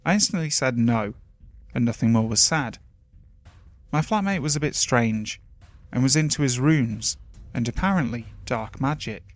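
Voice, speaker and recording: A man reading submitted scary stories aloud in slow, measured scripted narration. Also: medium pitch, lively intonation, dry recording. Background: faint music.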